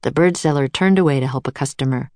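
A woman narrating a children's chapter book in clear, even storytelling. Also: rumbling low, fast talker, no echo.

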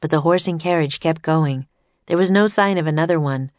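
A woman reads a children's storybook aloud in a steady, plain manner. Her voice sits somewhat low, and the recording is dry and close with no room sound. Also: a little fast, no echo. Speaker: narrator.

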